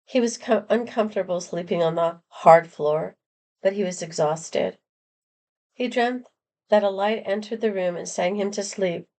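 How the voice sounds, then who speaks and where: A woman reading a novel chapter aloud in a plain, steady manner, sometimes correcting herself. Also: lowish voice. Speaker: narrator.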